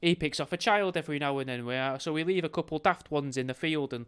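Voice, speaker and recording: A man's voice: a little high, fast talker, fairly bright tone, clear, resonant tone, voice pushed up, close to an everyday voice. A man voicing a blasé old-time villager who speaks in a raised, offhand way.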